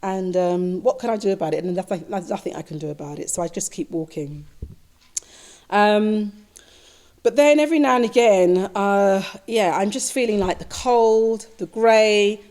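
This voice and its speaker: A female Buddhist teacher with a mid-range voice gives a dharma talk, slowly recounting a dream. She is reflective and repetitive, using soft fillers.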